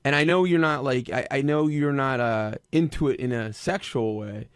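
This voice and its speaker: Male panelist, halting and stammering, mid pitch. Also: smooth, no room sound, studio quality. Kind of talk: radio studio chat.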